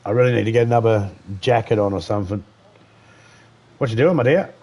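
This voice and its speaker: A man's voice: fairly low pitch, fairly quick, darkish tone. Chatty Australian male game streamer. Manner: chatty, greets viewers by name, crude jokes. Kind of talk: casual live-stream chat over gameplay.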